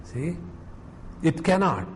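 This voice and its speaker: A man with an Indian English accent, a spiritual teacher giving an unhurried scripture discourse, mixing in stories and Sanskrit verses. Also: on the high side, sing-song, a little hiss or hum, poor audio.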